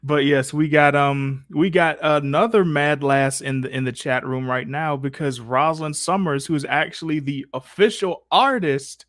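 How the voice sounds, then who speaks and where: A man hosting a live stream Q&A, reading questions from chat in a relaxed, joking way. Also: on the high side, normal speed, hardly any pauses, dry recording, clean studio sound. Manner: laid-back, joking, reads out chat. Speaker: host.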